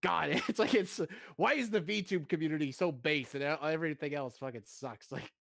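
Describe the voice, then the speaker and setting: A man co-hosting a casual podcast chat, relaxed, swearing and using many fillers. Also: a little high, normal speed, creaky, dry recording. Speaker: podcast co-host.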